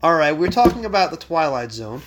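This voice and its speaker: A man's voice: on the high side, sing-song, fairly quick, background noise. A man hosting a podcast in a home library, talking in a playfully formal, storytelling way. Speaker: podcast host. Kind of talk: casual podcast chat.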